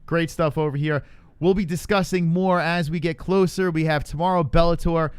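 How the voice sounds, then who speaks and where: Casual male podcast host, smooth and clear, high-ish, teasing banter. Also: normal speed, dry recording. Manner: joking, teasing, animated. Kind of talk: casual sports chat.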